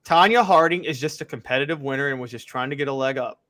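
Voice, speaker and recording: A man's voice: medium pitch, quick pace, fairly bright tone. A man co-hosting a sports talk show, talking casually with a joking, sarcastic manner.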